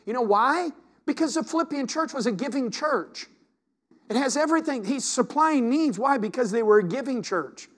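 In a sermon, a male pastor reads from scripture, poses questions to the congregation, and tends to repeat words and start sentences over. He speaks with an extremely high, somewhat bright voice.

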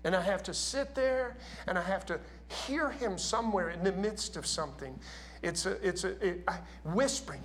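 A man's voice: high-pitched, lively intonation, moderate pace, a bit bright, a little hiss or hum. Conversational male preacher. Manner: conversational preaching, asks the congregation questions. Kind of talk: sermon. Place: church.

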